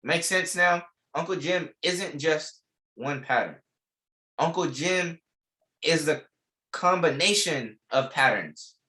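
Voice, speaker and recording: A man's voice: fairly high pitch, animated, slow, sharp tone. A young man teaching a live online trading class, repeating key lines with emphasis and casual slang. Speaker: trading instructor.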